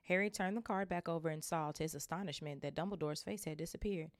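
A woman's voice: sits low, a little fast, hardly any pauses, no echo, studio quality. A young woman reading a novel aloud for a book club podcast, breaking off for chatty asides and casual swearing.

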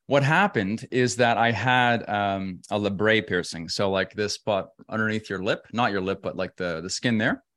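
A man's voice: on the low side, moderate pace, hardly any pauses, a bit bright, dry recording, clean studio sound. A man being interviewed about travel and facing fear, speaking emphatically and often repeating words as he works through a thought. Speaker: travel adventurer and guest. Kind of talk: casual interview talk.

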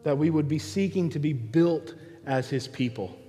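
A man preaching a sermon as pastor, in a large church with soft music behind. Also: fairly high pitch, moderate pace, in a large hall. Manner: acts out pleading prayers in a raised voice, then answers softly. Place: church sanctuary.

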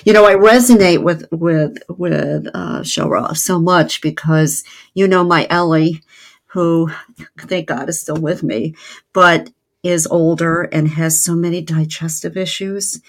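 A woman podcast co-host, a family therapist, reading a listener's letter aloud in a slow, gentle and earnest way, then chatting with her co-host. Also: lowish voice, fairly even intonation.

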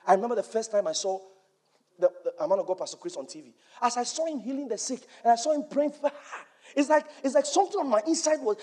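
Husky high-voiced male preacher. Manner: emphatic, rising to shouts on key points; quotes scripture in old-fashioned wording. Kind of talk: church sermon.

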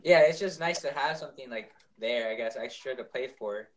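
A man's voice: mid-range voice, brisk, slight background noise, poor audio. A man who plays the game, chatting casually, laid-back and filler-heavy. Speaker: player guest. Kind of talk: casual gaming chat.

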